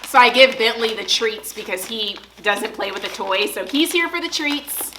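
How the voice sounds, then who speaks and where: A woman's voice: a little high, normal speed, hardly any pauses, bright, forceful tone, slight background noise. A young woman vlogging at home, chatting casually in an upbeat way as she narrates her pantry clean-out and opens a box of dog toys. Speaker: lifestyle vlogger.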